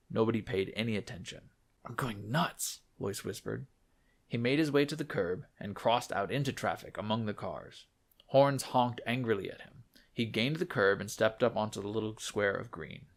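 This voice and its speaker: Male story reader: low, gravelly voice, measured and hushed narration. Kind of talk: reading a short story aloud.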